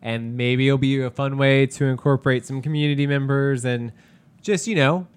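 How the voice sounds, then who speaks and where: A young man co-hosting a podcast, chatting casually with dry, relaxed banter. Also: medium pitch, normal speed, clean tone. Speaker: podcast co-host. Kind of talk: casual chat.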